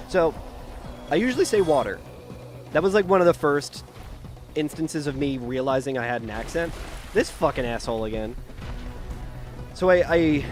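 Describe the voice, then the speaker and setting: Tired guy with a thick philly delco accent rambling on a game stream, swears a lot, voice a bit high, faint music in the back. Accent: Philadelphia (Delco). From Pennsylvania, United States. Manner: rambling, profane, self-deprecating. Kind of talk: casual live-stream chat while gaming.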